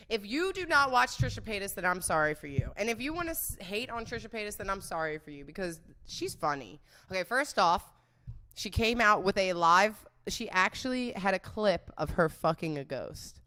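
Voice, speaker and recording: A woman's voice: medium pitch, very animated, moderate pace, bright, forceful tone. A woman hosting a podcast, talking about sex with brash, crude jokes and an unfiltered manner. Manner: brash, crude, jokey, mimics voices in quotes. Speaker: podcast host. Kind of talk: unfiltered comedic sex talk.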